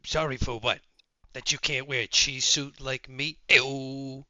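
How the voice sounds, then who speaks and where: A man's voice: medium pitch, steady tone, unhurried, crowd noise. A man playing a tabletop game, talking in an offhand, jokey way. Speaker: player. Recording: dull dry lo-fi mic.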